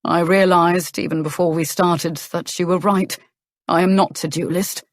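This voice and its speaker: A woman narrator voicing a charming, rueful young nobleman in a calm, earnest manner. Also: fairly low pitch, normal speed, no echo, clean studio sound, close to an everyday voice.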